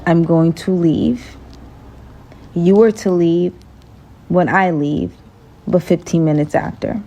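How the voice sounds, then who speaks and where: A woman voicing a man on the run who is a thief, giving flat, matter-of-fact orders in a somewhat lowered voice. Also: takes it slowly. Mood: flat commanding.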